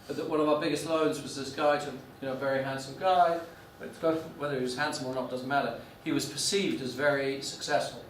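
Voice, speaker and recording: A man in his 40s lectures a class, telling a business story riddled with restarts and fillers. His medium-pitched voice runs fast with fairly even intonation and hardly any pauses, picked up by a distant mic in an echoey lecture room with slight background noise.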